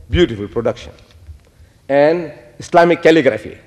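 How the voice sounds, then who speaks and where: An older man giving an animated public lecture, telling stories and quoting Arabic phrases. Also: fairly high pitch, normal speed, long pauses, in a large hall.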